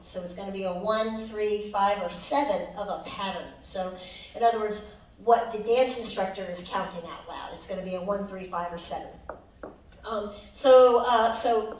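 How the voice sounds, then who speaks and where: A woman's voice: mid-range voice, a little mellow, slight background noise. A woman dance instructor teaching a live class, upbeat and counting beats aloud to the music. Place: dance hall. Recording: echoey hall from far off, music behind.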